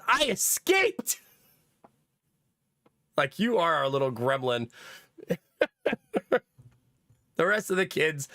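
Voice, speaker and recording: A man's voice: high voice, bright, forceful tone, dry recording, clean studio sound. A young man hosting a livestream, chatting casually to his viewers, rambling from topic to topic and laughing often. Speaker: livestream host. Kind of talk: casual stream chat.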